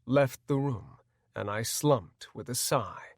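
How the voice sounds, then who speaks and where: A male audiobook narrator reading a first-person fantasy story at a slow, measured pace. His mid-range voice is recorded close and dry, with no room sound. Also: mid-range voice, no room sound.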